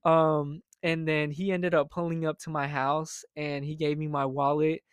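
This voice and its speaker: A young man telling a personal story in a casual, animated, profane monologue as host of his own storytime show. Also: a little high, moderate pace, smooth, no echo, studio quality.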